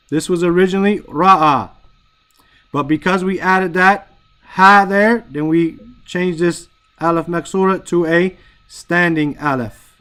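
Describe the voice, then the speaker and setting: A man's voice: on the high side, fairly bright tone. A man teaching an Arabic grammar lesson, explaining patiently and often checking in with his students by asking whether they follow.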